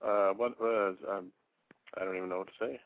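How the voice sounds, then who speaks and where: Man, radio caller, hesitant, halting, dry, phone-like sound. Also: lowish voice, steady tone, no room sound. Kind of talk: call-in talk radio.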